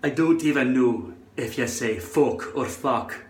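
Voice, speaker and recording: A hairpiece vlogger with a medium-pitched, slightly mellow voice speaks unhurriedly in a roomy-sounding recording. Putting on a playful Scottish accent and swearing now and then, he casually explains how to attach a hairpiece in front of a mirror at home.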